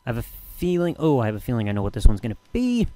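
A man from Michigan giving excitable, mildly profane commentary while live streaming a video game. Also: mid-range voice, racing, no echo, soft background music. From Michigan, USA. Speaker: gaming streamer. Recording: game noise underneath. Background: game sounds.

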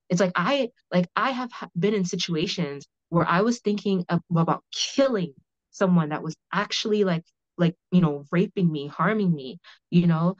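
A woman's voice: on the low side, a little mellow, dry recording. A woman hosting a podcast, talking frankly and rambling with lots of "like" fillers. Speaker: podcast host. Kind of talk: candid conversational discussion. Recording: slightly muffled audio.

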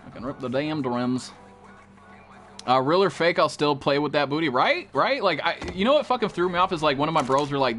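Loud, profane young man streaming a game. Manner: loud, profane, jumps into high yelps. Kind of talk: live-stream chat while gaming.

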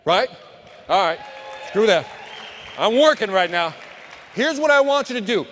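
A middle-aged man speaks from a conference stage in a high, punchy voice, firing sales advice straight at the audience. His words ring out with a long tail of reverb from the large hall. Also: lively intonation, normal speed, a bit bright, slight background noise. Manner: punchy motivational delivery, talks to the crowd. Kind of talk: live conference keynote.

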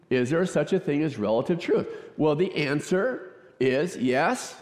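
A man preaching a conversational, joking sermon in a church, chatty and quick to laugh. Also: on the high side, animated, a little mellow. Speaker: pastor. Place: church sanctuary. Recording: echoey church hall.

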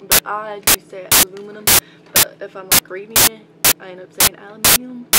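A woman's voice: medium pitch, little pitch movement, brisk, over loud music, poor audio. A young woman from Georgia with a Southern accent, chatting casually as she reads a list of words and questions aloud, with rambling asides. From Albany, Georgia, US. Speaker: vlogger. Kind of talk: casual accent-tag video. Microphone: built-in laptop mic. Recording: loud hum and static from a laptop mic.

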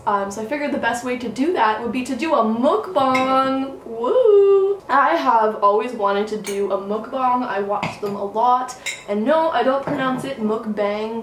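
A woman's voice: a little high, a little hiss or hum. A young woman from Canada chatting casually and jokingly to the camera while she eats, swearing now and then. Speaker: vlogger. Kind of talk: casual mukbang chat while eating. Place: room at home. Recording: echoey room, mic at a distance.

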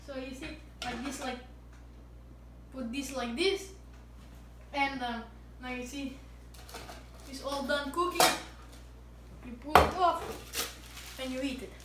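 A woman with a high voice talks in a playful put-on Russian accent and broken English, joking as she cooks. She sounds distant from the mic in an echoey home kitchen with clear background noise. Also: takes it slowly, long pauses. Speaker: vlogger. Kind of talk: casual cooking review vlog.

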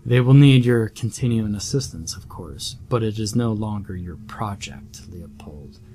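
A man voicing a cold, calculating male Nazi official, speaking quietly and condescendingly in an audiobook horror story. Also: fairly low pitch, lively intonation, a little slow, husky.

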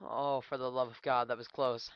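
A man giving casual gameplay commentary, joking crudely and trash-talking with sudden excited outbursts. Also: mid-range voice, normal speed, smooth, no room sound, dull audio. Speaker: gaming channel host.

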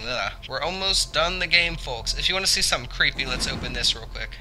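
A man's voice: a little high, animated, a little fast, pushed and bright, faint music behind. A young man hosting a let's play, talking through the game and yelping and repeating himself when something startles him. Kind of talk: gameplay commentary.

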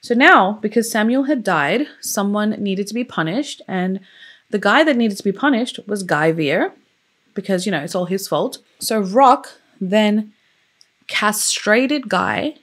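A young woman true crime YouTuber recounts a case in a loose, chatty way, using lots of fillers and showing open emotion about the story. Her medium-pitched voice is animated, fairly bright, and a little slow in this casual storytelling.

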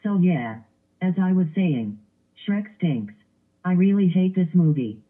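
A man's voice: sits high, expressive, a little slow. A male computer voice playing a spiteful green Grinch with a whiny, repetitive ranting manner, over tinny lo-fi sound.

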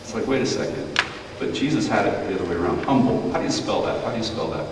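A man's voice: fairly low pitch, animated, very fast, noisy background. Brief: male pastor, playful children's sermon, distant mic, long church reverb. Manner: playful, acts out quoted voices. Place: church sanctuary. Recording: echoey church hall, mic far off.

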